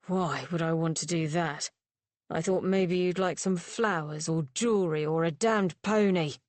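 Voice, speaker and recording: A woman's voice: lowish voice, unhurried, no echo, close to an everyday voice. A woman voicing a surly, drunken young male rake who sneers and insults everyone around him. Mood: mocking.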